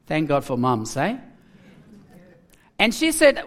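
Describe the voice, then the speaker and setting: His pitch is high and swings hugely, his tone fairly bright, as a man preaches an emotional personal testimony. He falters, repeats himself and restarts as he goes.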